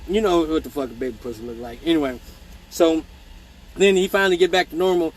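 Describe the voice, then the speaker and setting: High-voiced man telling a raunchy story. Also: fast, slight background noise. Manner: profane, rambling, joking asides to viewers. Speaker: male exotic dancer hosting a live Q&A show. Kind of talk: casual storytelling on a livestream.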